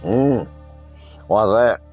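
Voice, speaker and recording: A man chats over a multiplayer game in a lowish voice that rises and falls a lot. His stories ramble, and he is crude and teasing toward his friends. Faint music plays behind him. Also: lively intonation, extremely slow, no echo, muffled recording. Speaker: gaming streamer.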